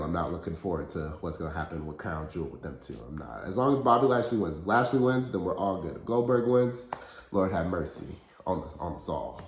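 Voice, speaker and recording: Male podcast host, lowish voice, frank and chatty delivery, roomy echo on the recording. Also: darkish tone. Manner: blunt, conversational, frank opinions with filler words. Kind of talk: casual wrestling recap commentary. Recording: roomy echoey room.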